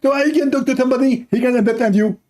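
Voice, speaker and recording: A man's voice: extremely high pitch, rapid-fire, darkish tone, pitched above the performer's own voice. A man voicing a smug, insistent male debater in a mock-earnest, singsong way. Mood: triumphant.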